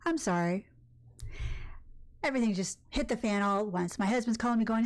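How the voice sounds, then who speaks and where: A woman live-streaming a cozy game, chatting casually and rambling with quick asides about her day. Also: a little high, a little mellow. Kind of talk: casual live-stream chat while gaming.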